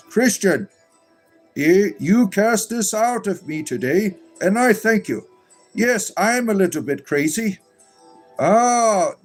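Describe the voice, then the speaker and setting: A boastful demon hand puppet speaks in a raised, stretched-out voice, put on by a man. He sounds pompous and slow, savoring each grand claim. Faint music plays behind him. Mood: mock grateful. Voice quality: high, drawn-out, pompous. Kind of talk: comic puppet voice on a livestream.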